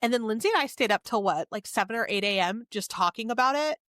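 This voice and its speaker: A woman co-hosts a casual podcast, candid and chatty, often laughing. Her voice is bright and a little high. The recording is dry and close. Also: animated, fast talker, no echo. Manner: candid, frequent laughs, fillers like "like". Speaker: podcast co-host.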